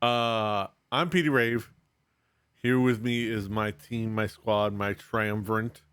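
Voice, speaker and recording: A man hosting a music podcast with friends, relaxed and jokey. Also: fairly low pitch, slow pace, clear, resonant tone, no echo. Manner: relaxed, jokey, hesitant fillers. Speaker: podcast host. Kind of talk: casual chat.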